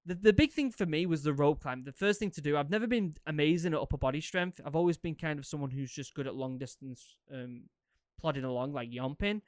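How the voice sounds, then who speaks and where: A man in his thirties, a podcast host, telling stories casually in a rambling, animated way with many fillers and repeats. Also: a little high, fairly quick, no echo, studio quality. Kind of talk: casual storytelling, answering listener questions.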